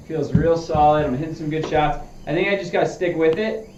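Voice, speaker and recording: A golfer streams his practice session, chatting casually with viewers and talking himself through each swing. His voice is a little high and brisk, and the clip is very noisy. The recording sounds roomy, distant, dull and lo-fi.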